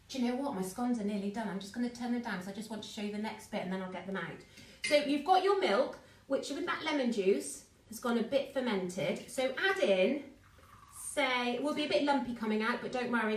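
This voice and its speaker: A woman's voice: fairly high pitch, distant mic. Chatty woman teaching baking. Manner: chatty, encouraging, talks to viewers. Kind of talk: live online baking class. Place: home kitchen. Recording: echoey kitchen, away from the mic.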